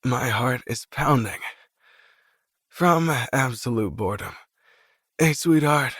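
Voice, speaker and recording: A man's voice: mid-range voice, takes it slowly, a bit bright, husky, no echo, clean studio sound. A man playing a reckless young man who teases and mocks with a manic grin. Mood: mocking. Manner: teasing, mocking.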